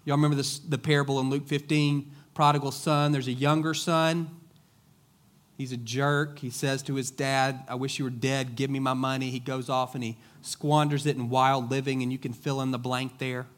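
A man's voice: medium pitch, level tone, moderate pace. Casual, joking middle-aged male pastor. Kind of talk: conversational sermon. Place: church sanctuary.

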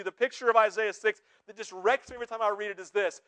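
A pastor preaching a conversational sermon, often checking in with his listeners with quick tag questions. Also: high-pitched, fairly even intonation, bright, forceful tone.

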